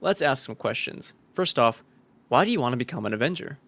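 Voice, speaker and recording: A man reading the lines of a brash, impatient billionaire hero in a brisk, commanding way. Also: medium pitch, animated, a bit bright.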